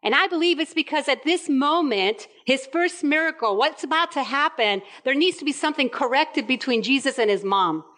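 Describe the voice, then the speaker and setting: A woman's voice: high-pitched, normal speed, hardly any pauses. A woman in her fifties from Puerto Rico, preaching a sermon and acting out little scenes with quoted voices. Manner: animated storytelling with acted-out quotes.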